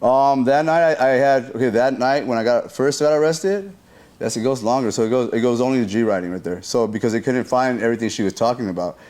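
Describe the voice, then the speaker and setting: A man's voice: medium pitch, fast. Slangy man telling a story, sound effects and all. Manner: slangy, profane talk full of sound effects; animated retelling that acts out what people said. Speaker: interview guest telling a story. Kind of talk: casual storytelling interview.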